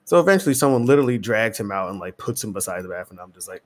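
Animated, cursing male podcast storyteller. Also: on the low side, rapid-fire, hardly any pauses. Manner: profane, animated storyteller acting out exchanges. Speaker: podcast host. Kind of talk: casual storytelling chat.

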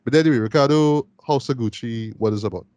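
Chill guy hosting a movie podcast, mid-pitch voice, dry close mic. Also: fast talker, darkish tone, no room sound. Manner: easygoing, laughs along, steers the talk. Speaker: podcast host. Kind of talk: casual chat.

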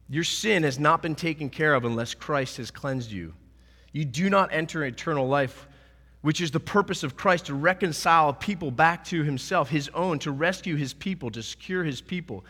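Delivering a sermon, a pastor speaks in a bright, husky, forceful voice pitched slightly high for a man, at normal speed. He preaches with earnest energy and acts out the lines he quotes, while a long reverb tail makes it sound like a large church.

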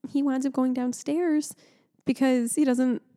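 A young adult woman co-hosting a podcast in casual chat, talking in an animated way, laughing often and sounding sleep-deprived. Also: high voice, unhurried. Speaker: podcast co-host.

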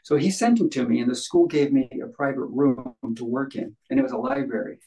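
Casting note: man, middle pitch, casual interview guest, rambling storyteller full of ums. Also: expressive, a little fast, dark tone, rough recording. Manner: rambling, many fillers, acts out voices in anecdotes. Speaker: guest, healing practitioner.

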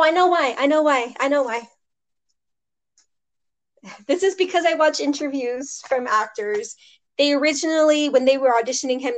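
Casting note: American woman, podcast co-host, casual and chatty, on the higher side. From United States. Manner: chatty, laughs often, quick asides. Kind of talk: casual chat.

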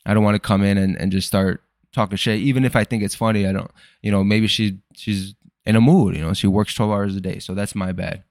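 Man, young adult, low voice, dry close sound, casual rambling podcast monologue, profane, self-deprecating. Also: fairly even intonation, fairly quick, a little mellow, no echo. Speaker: podcast host.

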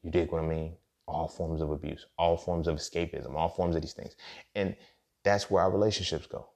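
A man with a low, gravelly voice holds forth on his own podcast. He talks bluntly and profanely, circling back and stumbling over repeated words as he rambles. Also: steady tone, fairly quick, a little mellow. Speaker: podcast host. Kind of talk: casual monologue.

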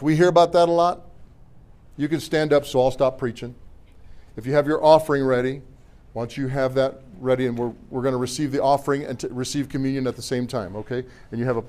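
A middle-aged man preaching a sermon as pastor in a church, animated and joking with the congregation between scripture readings. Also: medium pitch, fairly quick. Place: church sanctuary.

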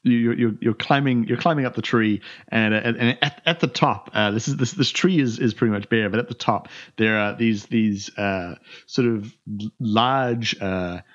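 A man narrating as game master of a tabletop game, halting with many restarts. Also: fairly low pitch. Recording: muffled lo-fi recording.

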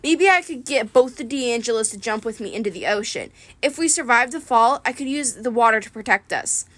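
A woman's voice: on the high side, expressive, brisk, fairly bright tone, dry recording. Woman reading a novel aloud, dry sound. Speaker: reader. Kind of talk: audiobook reading of a first-person novel.

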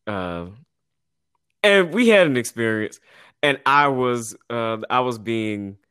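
A man's voice: medium pitch, expressive, takes it slowly, sharp tone, smooth, dry recording, clean studio sound. A man hosting a casual podcast, telling stories in a slangy, laid-back way with frequent laughs and restarts. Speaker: podcast host and business owner.

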